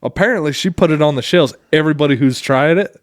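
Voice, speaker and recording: A man's voice: on the high side, quick pace, dry recording, clean studio sound. A man co-hosting a podcast, chatting casually and telling rambling stories, swearing freely. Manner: loose, profanity-heavy, rambling. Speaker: podcast co-host. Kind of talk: casual chat and storytelling.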